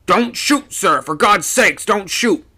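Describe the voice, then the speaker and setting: A man's voice: high voice, lively intonation, slow pace, sharp tone, voice pushed up, exaggerated voice. A man voicing a ship's second mate who sounds anxious and pleading. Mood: frightened. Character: nervous second mate of a sailing ship.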